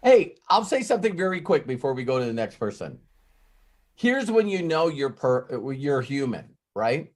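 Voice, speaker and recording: A man leads a live coaching session at an ordinary middle pitch. He tells lively stories and acts out bits of dialogue in other voices. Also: normal speed. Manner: animated storyteller, acts out quoted dialogue. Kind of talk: live mastermind coaching talk.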